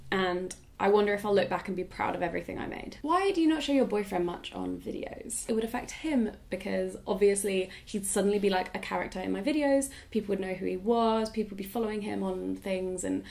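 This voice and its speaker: A medium-pitched, darkish voice with vocal fry belongs to a woman in her twenties fielding viewer questions in a relaxed talking-head video. The YouTuber reflects as she goes, frequently saying "like."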